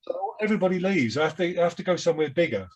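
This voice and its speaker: A man in his seventies with a London Cockney accent, a guest telling rambling, self-deprecating stories in a relaxed interview over a video call. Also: high-pitched, rapid-fire, dull audio. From London, England. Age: 70s. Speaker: guest musician. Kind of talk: reflective interview chat.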